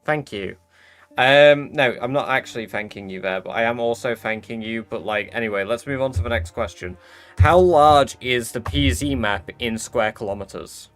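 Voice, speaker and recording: A man's voice: medium pitch, moderate pace. A British man on a live game stream, rambling and thinking aloud in casual chat, swearing now and then.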